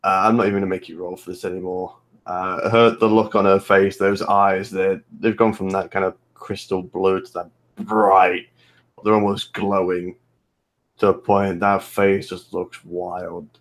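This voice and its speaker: Game master, male, deep voice, halting scene narration, tabletop session. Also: flat delivery. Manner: slow, hesitant descriptive narration with restarts.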